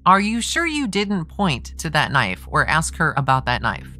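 A woman's voice: deep voice, wildly swooping pitch, moderate pace, sharp tone, dry recording, soft background music, full character voice. A woman reading a trial transcript aloud, voicing a persistent male defense attorney who presses a witness with leading questions. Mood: pressing. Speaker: true crime podcast host.

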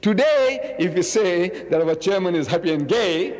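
A man in his seventies giving a public religious lecture, emphatic, repeating key words and slowing down to quote verses. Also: sits high, animated, a little mellow, in a large hall, slight background noise. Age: 70s.

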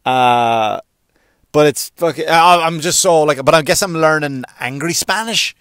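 A middle-aged man doing a stand-up monologue, swearing freely and jumping into high voices to act out characters. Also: unhurried, smooth, dry recording, clean studio sound. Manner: animated, swearing, acts out characters with sudden pitch jumps. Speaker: stand-up comedian.

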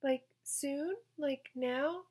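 A woman's voice: sits high, extremely slow, darkish tone, voice pushed up. A woman doing a sultry gossipy showgirl. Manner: sultry, breezy.

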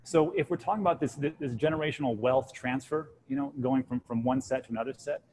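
A man in his forties talks fast and excitedly in a casual panel conversation. He tells stories with energy, acting out other people's words in his own voice. There is a faint hum behind him. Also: medium pitch, low-quality recording. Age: 40s. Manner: animated storyteller, acts out quotes. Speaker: guest co-host, crypto channel host.

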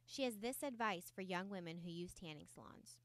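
A teenage girl anchoring a school news broadcast, reading her script in a steady, measured way. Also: mid-range voice, no room sound. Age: teens.

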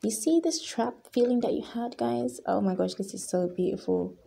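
A woman's voice: a little high, normal speed, creaky, warm tone, breathy edge. A woman giving a tarot reading to her viewers, talking in an earnest, emotional way and repeating her points with emphasis. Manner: emphatic and repetitive, often addressing viewers as guys. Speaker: tarot reader.

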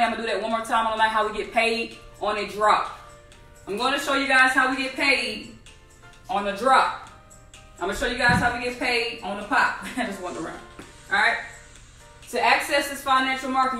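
Woman instructor, bright tense voice, echoey room, heard from a distance. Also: a little high, fairly quick, soft background music. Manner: animated, repetitive, rhetorical questions. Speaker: trading instructor. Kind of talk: live online class.

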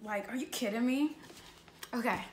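High-pitched young woman gushing over an unboxing, echoey room with a little hiss behind. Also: normal speed. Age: 20s. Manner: gushing, exclaims often, laughs between remarks. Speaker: YouTuber. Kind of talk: excited unboxing vlog. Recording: echoey room with faint noise.

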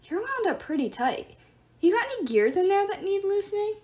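A woman's voice: high-pitched, sing-song, normal speed, darkish tone. A woman voicing a cheeky, joking teenage boy mechanic in a read-aloud story.

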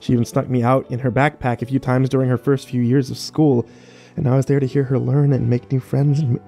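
A man narrating a first-person horror story slowly and wistfully, with small restarts. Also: mid-range voice, flat delivery, gravelly, mellow, soft background music.

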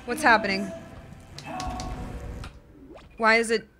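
A young woman streaming a horror game, talking to her chat with excitable, jumpy reactions and swearing when startled. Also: on the high side, slow. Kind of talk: live gameplay commentary. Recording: game music behind voice.

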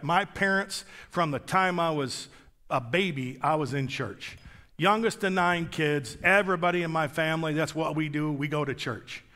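A man in his sixties, a guest pastor preaching a sermon with a personal testimony, telling his story in an animated way with self-deprecating humor. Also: fairly high pitch, long reverb tail. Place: church sanctuary.

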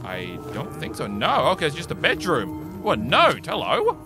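A man giving excitable, jokey let's play commentary, taunting enemies as he plays, recorded on a desk mic with game music behind him. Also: on the high side, normal speed. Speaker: gaming YouTuber.

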